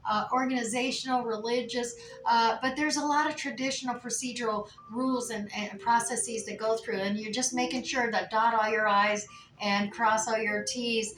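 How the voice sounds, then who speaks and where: A woman's voice: on the high side, a bit bright, a little hiss or hum. Chatty woman tarot reader, echoey room. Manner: chatty, with many fillers and restarts. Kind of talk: casual tarot reading. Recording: echoey room, mic at a distance.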